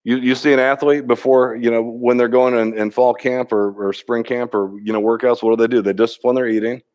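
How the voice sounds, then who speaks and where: A man's voice: mid-range voice, little pitch movement, a little fast, darkish tone, highs cut off. A middle-aged man pastor preaching a sermon in a conversational way, often restarting and repeating words, and telling stories with quoted dialogue.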